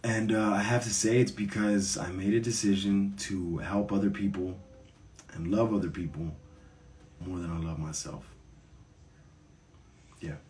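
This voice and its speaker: A man hosting with a low, grounded voice and plain earnestness, leaning on repetition to drive each point home. He sounds a little distant, picked up from away from the microphone. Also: fairly even intonation, a little slow, long pauses, darkish tone, a little hiss or hum. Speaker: host. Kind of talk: casual heartfelt monologue.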